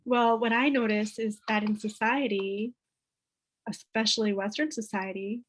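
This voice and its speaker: A woman's voice: mid-range voice, steady tone, a little slow, rough recording. Chatty woman leading a parent workshop. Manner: chatty, keeps asking "right?". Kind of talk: teaching a parent group.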